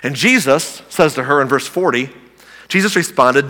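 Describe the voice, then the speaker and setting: A man's voice: medium pitch, moderate pace, bright, forceful tone. A man preaching a sermon, retelling the story in a conversational, humorous way. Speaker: pastor. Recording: long reverb of a large hall.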